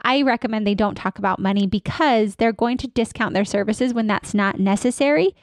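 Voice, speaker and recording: A woman's voice: medium pitch, a little fast, no room sound, studio quality. A woman consultant in her thirties, a podcast guest talking energetically and acting out staff and patient lines. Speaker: dental practice consultant.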